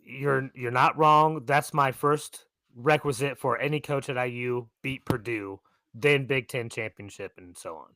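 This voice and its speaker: A man's voice: mid-range voice, measured pace, pushed and bright, no room sound. A man co-hosting a sports podcast, ranting in an insistent way. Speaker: podcast co-host. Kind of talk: casual sports talk.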